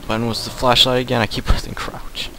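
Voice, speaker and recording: A man's voice: mid-range voice, level tone, measured pace, background noise. A man giving jumpy, profane commentary as he plays a horror shooter, muttering nervously to himself. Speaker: gamer. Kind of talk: gameplay commentary.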